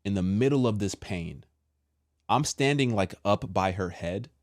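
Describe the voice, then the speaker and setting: A man with a fairly low voice tells a personal story in an animated, slangy way, slipping into the voices of the people in it. The sound is dry and close, with no room echo. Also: a little slow. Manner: animated, acts out quotes with slang. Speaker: storyteller sharing a testimony.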